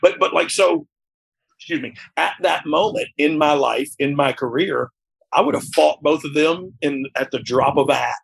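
A deeply gravelly man with a rough, husky edge speaks openly as an interview guest. He is frank and reflective, and he keeps checking in with the listener as he goes. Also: normal speed. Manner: frank and reflective, often asks "you know what I mean?". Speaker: interview guest, former wrestler. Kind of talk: candid conversational interview.

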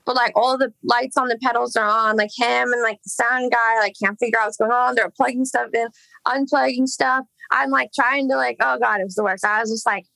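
A woman's voice: a little high, steady tone, moderate pace, vocal fry, pushed and bright, no room sound, rough recording. A young woman from Los Angeles telling a long story in casual chat, rambling with lots of "like" and swearing. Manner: rambling, heavy filler "like", swearing. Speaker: singer, podcast guest.

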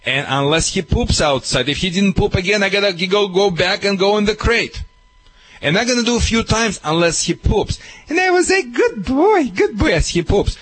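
A man working as a dog trainer who gives advice on call-in radio in broken, non-native English, lively and emphatic. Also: sits high, fairly quick, a little hiss or hum, poor audio.

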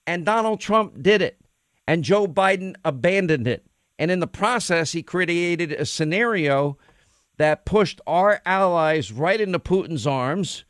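Male opinion radio host: combative, rapid-fire, emphatic; slightly high pitch, dead-dry studio sound. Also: lively intonation, fairly bright tone, no room sound. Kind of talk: political opinion talk show.

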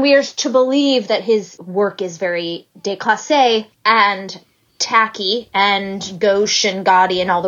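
A woman co-hosting a podcast, chatting casually about a film, animated and quick to laugh. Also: dull audio. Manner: animated, laughs, jumps to high pitch for impressions. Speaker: podcast co-host. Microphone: remote video call.

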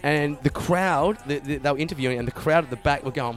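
A man's voice: on the high side, fast, faint music behind. A man hosting a podcast interview, chatting casually, swearing freely and calling his guest mate. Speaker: podcast host.

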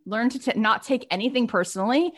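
A woman's voice: on the high side, fast talker. A woman hosting a podcast, telling a motivational story about her past work and acting out old phone calls. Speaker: podcast host.

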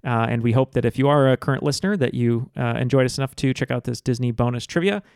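Relaxed man hosting, lots of uhs. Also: medium pitch, fast, creaky, clear, resonant tone, dry recording, clean studio sound. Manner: relaxed, filler-heavy with many uhs. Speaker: trivia podcast host. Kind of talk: casual podcast chat.

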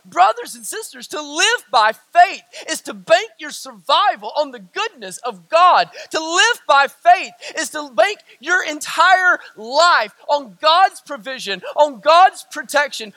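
A middle-aged man preaching a sermon in a church, building with emphatic repetition and dropping low and quiet for stories. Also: lively intonation, a little slow, few pauses, no echo. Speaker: pastor.

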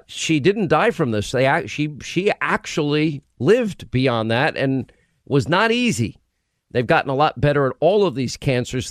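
A man hosts a radio talk show from the studio, delivering an emphatic, impassioned monologue packed with restarts. His voice is mid-range, and the studio-mic recording is studio quality with no room sound.

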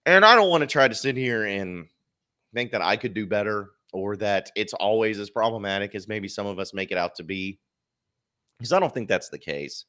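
A man's voice: on the low side, lively intonation, moderate pace, pushed and bright. A man hosting a solo sports podcast, giving casual, opinionated commentary with wry asides.

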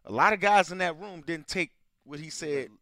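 A man hosting a casual sports chat, arguing his point with slow, deliberate stresses. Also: fairly high pitch, pushed and bright, no echo, clean studio sound. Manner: argumentative, drawn-out pauses for effect. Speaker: show host.

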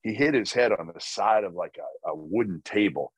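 Very low-voiced man, wry and dry. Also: lively intonation, moderate pace, husky, no echo. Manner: low-key, wry, swears casually. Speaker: podcast co-host. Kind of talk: casual chat, storytelling.

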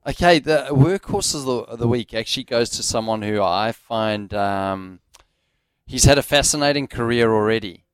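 Male radio co-host, mid pitch, smooth clear voice, dry close studio sound, enthusiastic chatty delivery. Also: normal speed, no room sound. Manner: enthusiastic, rambling with fillers. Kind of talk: casual sports radio chat.

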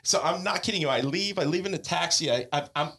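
A man guesting on a podcast, telling fishing and travel stories in a casual, animated way, acting out quotes and laughing often. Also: on the high side, fast, husky. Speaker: podcast guest, offshore fisherman. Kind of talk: casual storytelling.

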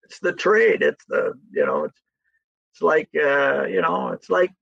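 Gravelly rambling man on a call-in line. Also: fairly high pitch, big pitch swings, fairly bright tone, no echo, highs cut off. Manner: rambling, halting, with frequent restarts. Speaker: regular guest sports commentator. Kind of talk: casual radio sports chat.

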